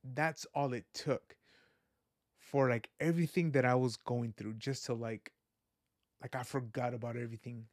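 A podcast host speaks in a mid-range voice at normal speed with fairly even intonation, recorded dry and clean in a studio. His casual personal monologue is earnest, rambling and reflective, with a faith-minded outlook and plenty of "you know" and "like."

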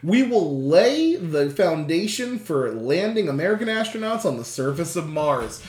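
A quiz host in casual chat, reading questions aloud, laughing often, swearing and reacting with loud dismay. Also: medium pitch, very animated, normal speed. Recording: roomy echo.

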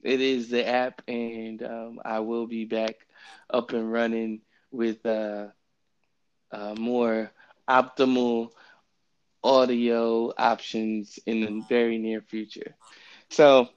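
A man hosting a casual Bible study podcast, talking in a relaxed, rambling way with plenty of fillers, recorded remotely on his phone. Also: medium pitch, slow pace, clear, resonant tone, dull audio. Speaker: podcast host. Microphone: phone app, remote recording.

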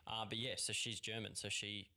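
A man's voice: fairly low pitch, flat delivery, normal speed, bright, forceful tone. A young man, a film director, chatting in a laid-back way and agreeing often. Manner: laid-back, lots of yeps. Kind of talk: casual chat.

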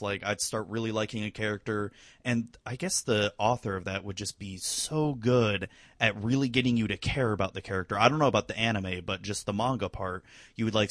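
Young man, low voice, loose rambling talker with fillers and swearing, dry close mic. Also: fairly bright tone, dry recording. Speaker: conversation partner. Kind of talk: casual chat.

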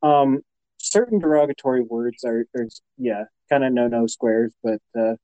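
A man's voice: medium pitch, normal speed, warm tone, no room sound, highs cut off. A man co-hosting a podcast in casual chat, easygoing and agreeable, with hesitant restarts. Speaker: podcast co-host.

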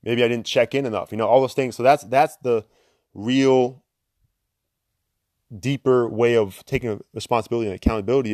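A man's voice: lowish voice, darkish tone, dry recording, clean studio sound. A young man hosting a podcast, talking casually about self-improvement, filling gaps with "right?" and short laughs. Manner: conversational, lots of fillers and "right?" tags; laughs between points. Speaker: podcast host. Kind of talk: casual motivational monologue.

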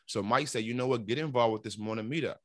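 A middle-aged man from New York telling his story in a casual interview, animated and repeating words as he acts out what others said. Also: medium pitch, fast, no echo, studio quality. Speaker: interview guest.

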